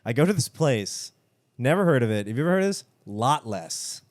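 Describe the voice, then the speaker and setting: A man's voice: mid-range voice, sing-song, brisk, no room sound, clean studio sound. A man, co-hosting a comedy podcast and telling a rambling story, acting out the people he overheard. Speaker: podcast co-host.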